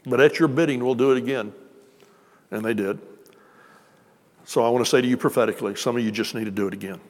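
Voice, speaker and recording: A man's voice: mid-range voice, fast talker. Preacher man in a reverberant hall. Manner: conversational, joking with the congregation. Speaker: pastor. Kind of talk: sermon. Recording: long reverb of a church hall.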